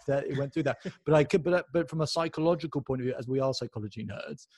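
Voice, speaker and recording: Podcast host guy, husky voice, rambling excited questions, dry close mic. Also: medium pitch, quick pace, hardly any pauses, no echo. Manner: rambling, enthusiastic questions with many restarts. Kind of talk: podcast interview.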